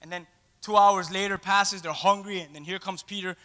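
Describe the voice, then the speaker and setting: Male pastor, high and bright voice, playful storyteller, echoey hall. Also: normal speed. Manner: playful, animated storyteller acting out scenes. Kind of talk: sermon.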